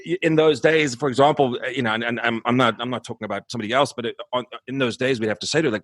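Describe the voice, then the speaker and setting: A man in his forties speaks in a subdued, reflective way, often stopping and restarting mid-sentence. His voice sits at an ordinary middle pitch. The sound is dry and close, with no room echo. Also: very fast, few pauses, fairly bright tone. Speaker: musician guest. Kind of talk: candid interview conversation.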